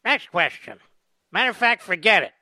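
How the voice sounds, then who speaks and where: A man's voice: sing-song, moderate pace, sharp tone, no room sound, heavily acted. A man doing a testy, whiny old politician. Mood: indignant whine. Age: older. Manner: whiny, indignant, high-pitched mockery. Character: testy elderly male politician, defensive and rambling.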